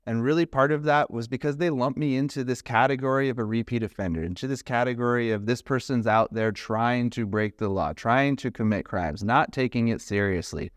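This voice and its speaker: A man in his thirties tells a personal story with lively energy, switching voices for the people in it. His voice is smooth and resonant. It sits close and dry on the mic, with no room sound. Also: medium pitch, a little fast, few pauses, no room sound. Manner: animated, acts out the other people in his story. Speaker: criminal defense lawyer. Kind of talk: conversational storytelling.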